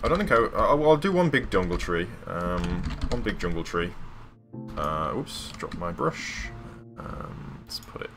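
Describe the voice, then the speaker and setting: A man's voice: deep voice, expressive, measured pace, music in the background. A man live-streaming a building game, chatty and rambling, with playful sound-effect interjections. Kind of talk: casual live game commentary.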